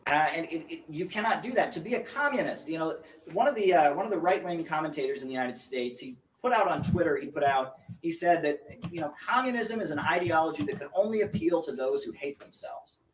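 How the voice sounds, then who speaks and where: A man giving a political speech in a hesitant, measured way. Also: on the high side, animated, a little hiss or hum. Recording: echoey clip from far off.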